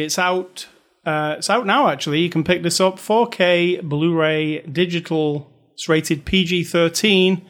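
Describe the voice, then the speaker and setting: A man's voice: sits high, a bit bright. Chatty man hosting a movie podcast. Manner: chatty, joking, reads aloud with dramatic stress. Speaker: podcast host. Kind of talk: casual chat.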